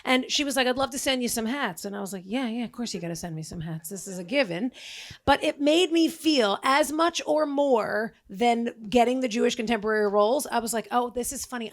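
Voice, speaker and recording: Animated jokey woman, slightly high voice. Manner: animated, quick jokes, lots of "like". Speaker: actress and guest. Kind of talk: live Q&A on stage, casual and jokey.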